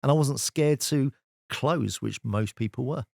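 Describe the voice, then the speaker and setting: A man, a sales expert guest telling lively anecdotes in an interview. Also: mid-range voice, measured pace, gravelly. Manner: lively storyteller, animated anecdotes. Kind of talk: casual storytelling interview.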